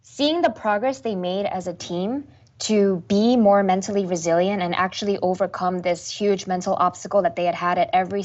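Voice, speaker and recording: A young woman esports host answering interview questions in an animated, self-deprecating way. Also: mid-range voice, lo-fi sound.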